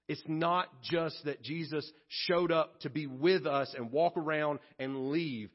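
A man's voice: fairly high pitch, expressive, a little slow, highs cut off. A male pastor preaching a sermon at a church worship service, earnest and conversational, with frequent restarts and asides.

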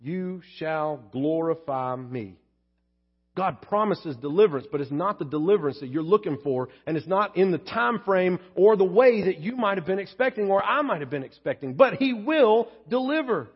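Male pastor, sermon, emphatic, candid, joking, husky voice, dull lo-fi recording. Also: high voice, lively intonation, fairly quick, hardly any pauses.

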